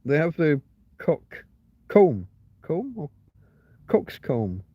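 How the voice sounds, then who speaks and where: A man's voice: fairly high pitch, very animated, extremely slow, husky, no echo, dull audio. A man hosting a casual livestream, rambling and swearing freely as he answers chat comments. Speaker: livestream host.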